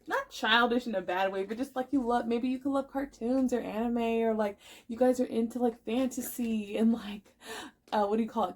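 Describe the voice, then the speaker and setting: A woman's voice: medium pitch, a little mellow. A woman giving a casual tarot card reading to her viewers, chatty and emphatic, emotional and encouraging, full of filler words. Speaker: tarot reader.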